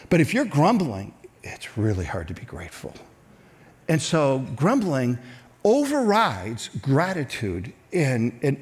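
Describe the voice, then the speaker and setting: Male pastor mid-sermon, expressive and a touch high, swings his pitch widely. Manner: animated, acts out grumbling voices. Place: church with several campuses and an online audience.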